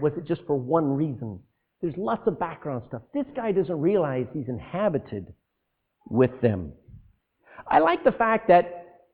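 A man preaching a sermon, animated, asking the congregation rhetorical questions and breaking into asides. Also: fairly high pitch. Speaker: pastor. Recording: tinny phone-like lo-fi sound.

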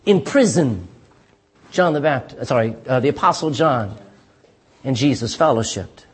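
A man's voice: medium pitch, animated, measured pace, slightly rough. A man preaching a sermon in a folksy, emphatic way. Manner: folksy, emphatic preaching with sudden loud bursts and chuckles.

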